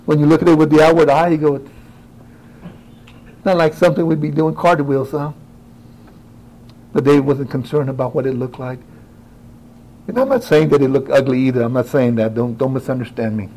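A man preaching a sermon who talks directly to his congregation, moving from quiet asides to rising, emphatic exclamations. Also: mid-range voice, fairly even intonation, fast, rough recording.

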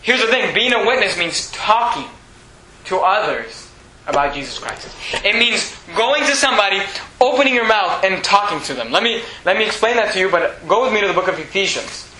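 A man's voice: high-pitched, lively intonation, fairly quick, bright, forceful tone. A man preaching a sermon as pastor, emphatic and repetitive, in a church sanctuary. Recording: echoey room.

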